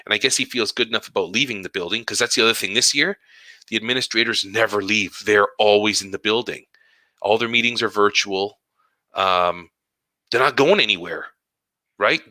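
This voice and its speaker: With a voice on the low side and a moderate pace, a male elementary school teacher shares work stories in a casual podcast monologue. He's an animated storyteller who acts out conversations, recorded with no echo.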